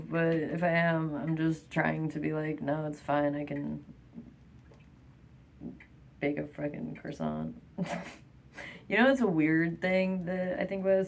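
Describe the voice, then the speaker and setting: A young woman talks straight to camera in a loose, rambling vlog monologue. She giggles nervously through her sentences and keeps reaching for fillers. Her voice sits a little low for a woman. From France.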